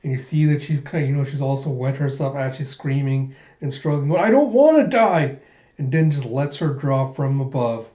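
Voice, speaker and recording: A man casually reading through a comic aloud, narrating each page in a relaxed way. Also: medium pitch, normal speed, hardly any pauses. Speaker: manga reader. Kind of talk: casual manga readthrough. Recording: roomy, muffled home recording.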